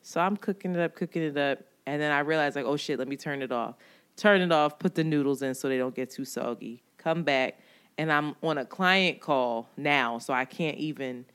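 A woman co-hosting a podcast in casual chat, an animated storyteller who swears freely and laughs often. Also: sits low. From New York. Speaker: podcast co-host.

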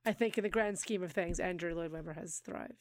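A woman's voice: lowish voice, a little fast. A woman co-hosting a podcast in casual chat, enthusiastic and emphatic, often chiming in to agree. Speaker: podcast co-host.

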